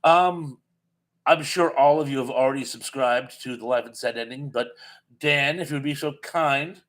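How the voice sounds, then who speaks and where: A man hosts a live-streamed TV trivia quiz in a casual, chatty style, reading viewer comments aloud and laughing at his own jokes. His voice is medium-pitched with a fairly bright tone, at a moderate pace.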